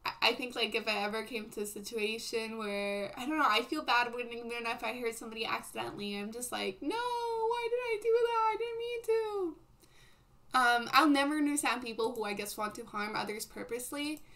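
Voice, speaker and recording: Bright-voiced young woman chatting on stream. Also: a little high, fairly even intonation, fast talker. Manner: chatty, rambling, laughs often; filler-heavy, says "like" and "um" a lot. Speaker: livestreamer. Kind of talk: casual livestream chat.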